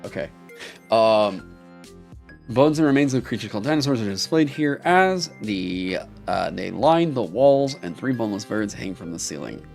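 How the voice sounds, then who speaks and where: A young man on a live stream who reads game material aloud haltingly with many ums, then breaks into excited, swearing asides. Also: on the low side, gravelly, faint music behind. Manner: swears casually. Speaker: streamer critiquing game designs. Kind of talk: casual live-stream critique.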